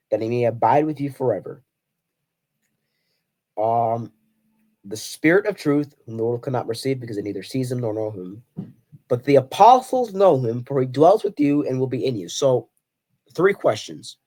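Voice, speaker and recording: A man's voice: sing-song, moderate pace, long pauses, dark tone. A man hosting a solo video, reading scripture verses aloud and arguing his points with pointed rhetorical questions. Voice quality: voice cracks on high notes. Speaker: Christian apologetics video host.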